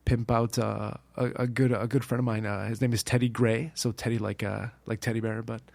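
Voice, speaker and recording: A man's voice: mid-range voice, level tone, fairly quick, creaky, a little mellow, no room sound. A man chatting casually as a guest on a podcast, rambling through his thoughts with constant fillers and restarts. His voice sits in a middle register and sounds dry and close, with almost no room around it. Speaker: podcast guest, music producer. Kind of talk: casual chat.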